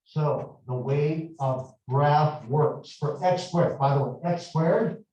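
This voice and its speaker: A middle-aged man lectures a math class in a slightly high voice, slow and deliberate, with chatty digressions between points. He sounds far from the mic in a strongly echoing room. The recording is dull and muffled. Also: a little mellow. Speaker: math instructor. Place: large echoey classroom.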